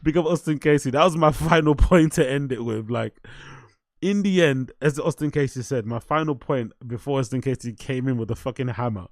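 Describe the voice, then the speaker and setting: A British man hosting a show, giving casual reaction commentary in an animated, slangy way with constant swearing. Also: mid-range voice, no echo, studio quality. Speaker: host.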